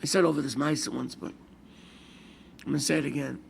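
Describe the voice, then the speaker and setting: Giving a Torah class, this older man from the United States speaks fast in a medium-pitched voice with vocal fry, against slight background noise. He's a rabbi who narrates stories in his sermon, voicing the people in them and sprinkling in Hebrew and Yiddish.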